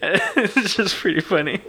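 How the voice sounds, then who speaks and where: A man's voice: high-pitched, animated, unhurried, bright, forceful tone, slightly rough. A man chatting casually as a podcast co-host, laid-back, filling his talk with "like" and laughing often. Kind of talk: casual chat recapping a film.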